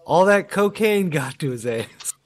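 A man's voice: on the high side, expressive, unhurried. A young man co-hosting a casual movie-riffing chat, joking around and slipping into a mock radio DJ voice. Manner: jokey, puts on a mock radio DJ voice. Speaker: podcast co-host.

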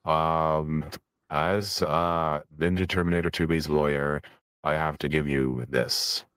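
A man voicing Bob, a serious male lawyer, formal and halting with fillers. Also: a bass voice, steady tone, a bit bright, clear, resonant tone, no echo, clean studio sound, exaggerated voice. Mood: stiff. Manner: formal, hesitant with many fillers. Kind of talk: improvised role-play.

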